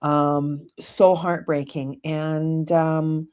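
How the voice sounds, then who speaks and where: A woman's voice: sits low, little pitch movement, drawn-out words, a little mellow, smooth. A middle-aged woman co-hosting a podcast, telling personal stories in a candid, blunt way with the occasional swear word. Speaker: podcast co-host. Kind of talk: casual conversation.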